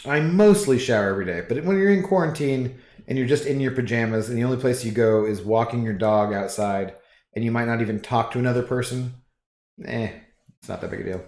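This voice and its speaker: A man hosting a livestream, chatting casually with viewers and rambling through relaxed asides while reading chat. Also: medium pitch, a little fast, reverberant.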